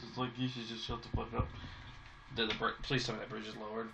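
A man with a gravelly, fry-laden voice commenting on his own gameplay, exasperated and swearing at almost every turn. He mutters to himself in casual, profane asides. Noisy game audio hums behind him. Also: medium pitch, flat delivery, very fast. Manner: frustrated, swears constantly, talks to himself. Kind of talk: casual let's-play commentary.

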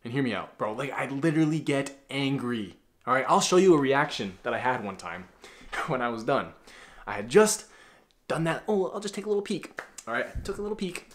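A man's voice: medium pitch, big pitch swings, a little fast. A man giving a casual motivational talk to the camera as a self-improvement coach, blunt and profane, calling the viewer bro.

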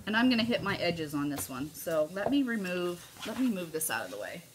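A woman's voice: on the low side, sing-song, fairly quick, slight background noise. A middle-aged woman chatting casually through a live home craft tutorial, often calling viewers "you guys". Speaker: craft demonstrator.

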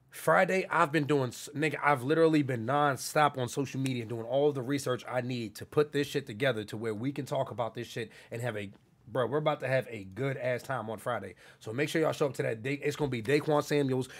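A young man hosting a livestream, chatting casually with viewers in a hyped, profane way and repeating his catchphrases. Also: mid-range voice. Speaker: livestream host.

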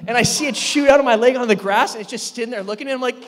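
A man in his thirties, a pastor preaching a sermon, telling a story with lively energy, sometimes yelling and laughing. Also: extremely high pitch, racing, hardly any pauses, background noise. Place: large church hall. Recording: church hall reverb.

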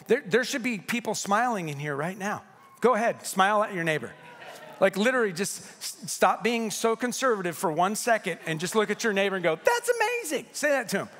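A brisk middle-aged male pastor, his voice a touch high for a man, preaches in a church sanctuary during a candlelight service. His animated, conversational sermon features playful asides and acted-out quotes, ringing out in a long reverb.

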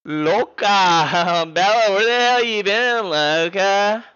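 A man's voice: high voice, takes it slowly, sharp tone, clean tone, dull audio, pitched above the performer's own voice, exaggerated voice. A man putting on a brash, flirty male party rapper for a live stream. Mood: teasing.

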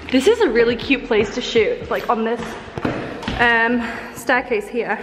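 Bubbly young female vlogger, slightly high voice, rambling casual chat. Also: fairly even intonation, a little slow, music in the background, poor audio. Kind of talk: casual vlog chat to camera.

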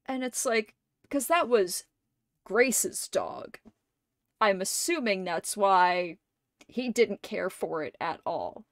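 A young adult woman streamer in casual chat, gushing like an excited fan and swearing and laughing often. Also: medium pitch, slow pace, no room sound, clean studio sound.

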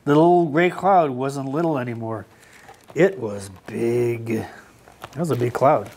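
A man's voice: medium pitch, fairly quick, slight background noise. A man reading a picture book aloud to children in a library and asking them questions as he goes. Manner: animated, asks children questions. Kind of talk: children's storytime read-aloud.

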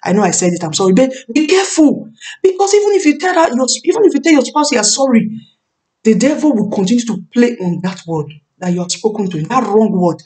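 A woman's voice: a little high, expressive, a little mellow. Emphatic woman preacher, slightly distant mic. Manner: emphatic, repeats key phrases, slows to stress words. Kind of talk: sermon on marriage. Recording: voice a bit far from the mic.

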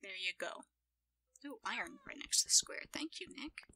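A woman quietly commenting on her own gameplay, often in a whisper and talking playfully to herself. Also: on the high side, wildly swooping pitch, moderate pace, husky, no room sound, rough recording. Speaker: gaming channel host.

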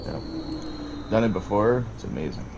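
A man's voice: on the low side, lively intonation, unhurried, vocal fry, noisy background. A man chatting casually with a friend while gaming, sounding tired and laid-back.

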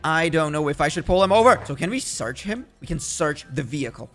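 A young man commenting on his gameplay, excitable and jokey, slipping into mock-stern cop bluster. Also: fairly high pitch, brisk. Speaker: gaming YouTuber.

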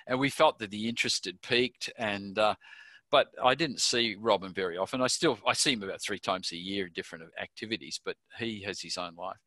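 A man's voice: fairly low pitch, a little fast, bright, forceful tone, no room sound. An older Australian man being interviewed, telling a chatty anecdote and chuckling at his own story. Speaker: interview guest.

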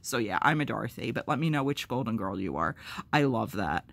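A woman at home filming fan mail on her phone, chatting casually to the camera, rambling and excitable with self-deprecating humor. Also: very deep voice, fairly quick, gravelly, no echo. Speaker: vlogger opening fan mail.

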